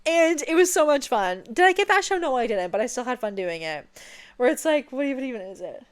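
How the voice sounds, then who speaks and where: A woman's voice: sits high, big pitch swings, a little fast, clean tone. A young woman chatting playfully while seated, often checking in with "okay?". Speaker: vlogger. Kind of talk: casual chat.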